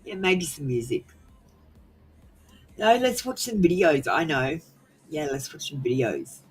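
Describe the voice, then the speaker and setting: A woman's voice: sits low, sing-song, unhurried, slightly rough, faint music behind. An Australian woman hosting a live stream, chatting casually and rambling with frequent ums and laughs.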